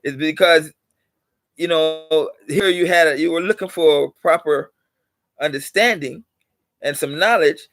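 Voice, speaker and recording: A man's voice: a little high, unhurried, a bit bright. A middle-aged man hosting his own channel, talking to viewers in a rambling, preachy monologue that repeats its points and livens up to drive them home. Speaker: channel host.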